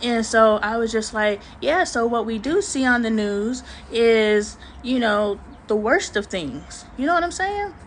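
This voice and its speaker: A woman's voice: a little high, lively intonation, measured pace, few pauses, slight background noise, rough recording. A woman hosting a casual livestream chat, talking in a slangy, emphatic way with preachy asides and greeting viewers. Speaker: livestream host.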